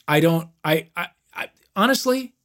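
A man hosting and judging a comedy podcast game, announcing in a deadpan, mock-formal way. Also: fairly high pitch, moderate pace. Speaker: game show host and judge.

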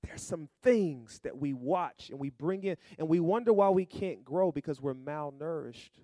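A male pastor preaching a sermon, calling to the congregation and rising to loud emphatic bursts. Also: on the high side, moderate pace, no room sound, studio quality.

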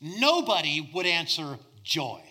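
A middle-aged man preaching a sermon, swinging between loud emphasis and hushed near-whispers. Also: a little high, sing-song, takes it slowly, husky. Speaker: pastor.

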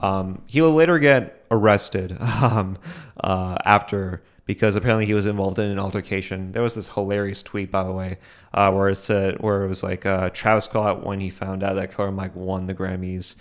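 A man's voice: low voice, fairly even intonation, normal speed. A young man hosting a solo podcast, rambling with many fillers and asides, self-deprecating, and chuckling often. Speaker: podcast host.

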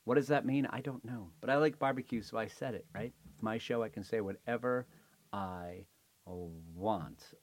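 A man's voice: on the low side, moderate pace. A man hosting a cooking show, chatting and joking with a guest and reading sponsor spots. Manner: chatty, joking, repeats phone numbers. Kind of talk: casual chat and ad read.

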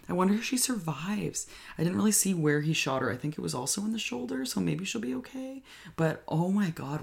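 A speaker casually recapping a horror film, excitable and full of fillers and swearing. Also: mid-range voice, vocal fry. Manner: excitable, heavy use of "like", swears. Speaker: horror movie reviewer.

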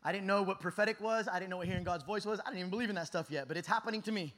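A man in his thirties preaching an energetic youth sermon at a camp meeting, telling stories that swing from shouting to hushed. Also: high-pitched, very fast. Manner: animated storytelling, shifts from shouting to hushed.

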